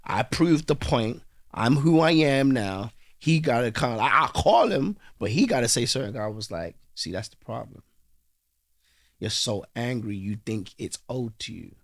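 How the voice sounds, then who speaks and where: A man from London, a guest in an interview, telling a heartfelt story and rising to animated bursts when he stresses a point. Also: medium pitch, a little slow, dry recording, clean studio sound. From London, England.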